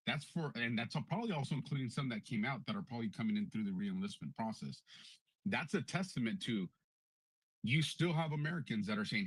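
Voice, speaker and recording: A blunt man in casual political talk on a live audio space, pressing his points with emphasis and salty language. His voice has a husky edge. It is picked up close and dry, with no room sound. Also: medium pitch, animated, fairly quick, no echo. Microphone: home mic in a live audio stream.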